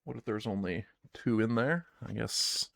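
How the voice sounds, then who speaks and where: A man's voice: on the low side, a little slow, gravelly, no room sound, studio quality. A man narrating a solo tabletop game on a live stream, reading game text aloud and chatting to himself as he plays.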